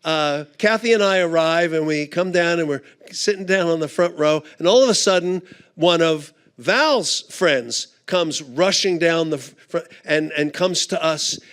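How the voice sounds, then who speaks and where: A man with a fairly high, smooth and resonant voice tells a funny story slowly, taking his time between phrases. As a guest speaker on a church conference stage, he leans on relaxed "uh" fillers while he builds up the anecdote. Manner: unhurried anecdotal delivery with frequent "uh" fillers. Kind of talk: humorous storytelling talk.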